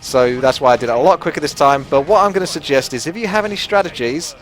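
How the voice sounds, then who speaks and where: A man's voice: a little high, quick pace. Chatty man commentating a strategy game. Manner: chatty and self-deprecating, laughs at himself. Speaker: gaming commentator. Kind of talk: casual gameplay commentary.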